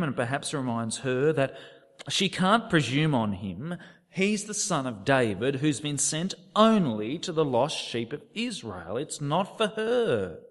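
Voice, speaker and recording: Dramatic high-voiced male preacher, echoing hall. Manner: dramatic, rhetorical questions, drops to near-whispers. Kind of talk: sermon.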